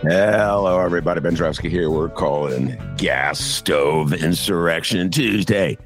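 An older man hosting a talk show, chatting casually with animated, jokey asides. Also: low voice, a little slow, soft background music. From Chicago area, US. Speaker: podcast host. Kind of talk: casual chat.

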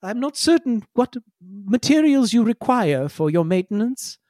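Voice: medium pitch, sing-song, moderate pace, darkish tone, no room sound, studio quality, voice pushed up, natural voice. A game master voicing a polite, earnest spider-legged research robot that talks formally and hesitantly.

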